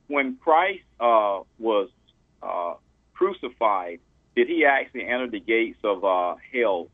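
A man calling in to a radio show, asking his question in a hesitant, halting way. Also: on the low side, no room sound. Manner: hesitant, halting, full of fillers. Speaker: caller. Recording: tinny phone line.

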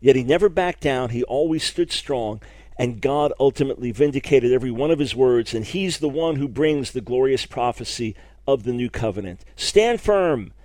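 A man's voice: mid-range voice, moderate pace, darkish tone, no echo. A middle-aged man preaching a broadcast sermon, emphatic and fervent, repeating words for stress as he exhorts his listeners. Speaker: preacher and radio Bible teacher.

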